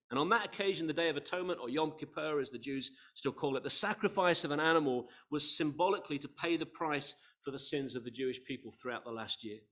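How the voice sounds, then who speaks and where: Earnest male preacher, swelling and softening. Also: fairly high pitch. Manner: earnest, rising to emphatic peaks then dropping soft. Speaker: pastor. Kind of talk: sermon.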